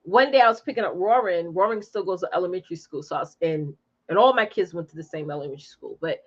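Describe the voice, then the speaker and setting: A woman's voice: lowish voice, quick pace, highs cut off. A woman in her forties chatting casually from home, reading out viewer comments and talking straight to them. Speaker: live stream host. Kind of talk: casual chat with live viewers.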